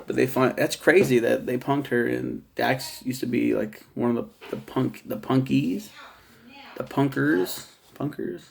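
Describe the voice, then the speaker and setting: Man, gravelly voice, middle pitch, rambling casual review, swears a lot. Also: a little slow, darkish tone, slight background noise. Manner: rambling, profane, laughs at his own jokes. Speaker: TV show reviewer.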